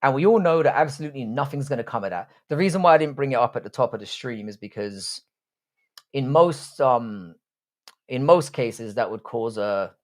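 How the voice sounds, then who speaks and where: A young British man hosting a live stream, chatting casually and crudely as he answers viewer comments with profane, joking banter. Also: medium pitch.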